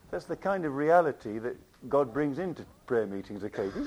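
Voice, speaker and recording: A man preaching a sermon with passion, repeating phrases and swinging between loud declarations and quiet asides. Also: medium pitch, big pitch swings, fast talker, hardly any pauses.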